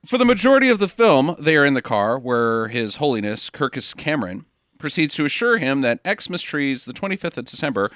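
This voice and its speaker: A man's voice: medium pitch, sing-song, brisk, fairly bright tone, dry recording, studio quality. A man hosting a podcast, upbeat and jokey, reading listener mail. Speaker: podcast host. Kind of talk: casual chat.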